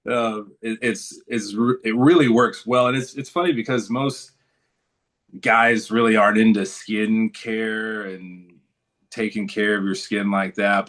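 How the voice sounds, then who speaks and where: Deep-voiced man, laid-back storyteller. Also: fairly bright tone. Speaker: guest. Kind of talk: casual interview chat.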